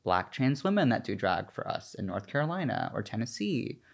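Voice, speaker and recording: Chatty, animated man from the American South. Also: mid-range voice, a little fast, vocal fry. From Southern United States. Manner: chatty, animated, full of "like" fillers. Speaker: guest, drag performer. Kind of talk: casual interview chat.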